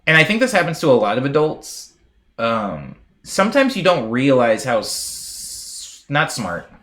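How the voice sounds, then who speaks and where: A man's voice: medium pitch, wildly swooping pitch, a little slow, a bit bright. A young man from the United States rambling casually as a live streamer, reading viewer messages aloud and chatting playfully with lots of fillers.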